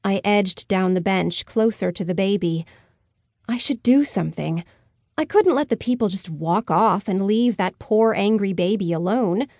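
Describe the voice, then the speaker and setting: Woman reading a first-person story, dry close mic, wry sarcastic asides, mid pitch. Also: a little slow, a little mellow, no echo. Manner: wry, sardonic inner commentary. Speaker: audiobook narrator. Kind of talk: first-person scripted narration.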